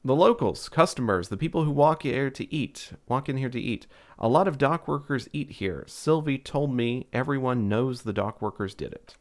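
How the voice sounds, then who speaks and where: A man's voice: medium pitch, lively intonation, normal speed, hardly any pauses, natural voice. A man voicing an irritable middle-aged male cafeteria manager who speaks with sarcastic exasperation. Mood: grumbling. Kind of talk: reading game dialogue aloud.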